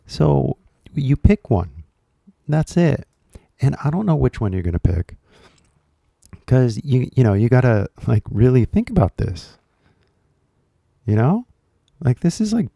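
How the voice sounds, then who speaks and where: A man's voice: mid-range voice, vocal fry, dark tone, dry recording, studio quality. A man from California, talking casually as an English teacher, rambling and full of fillers. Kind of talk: casual podcast talk.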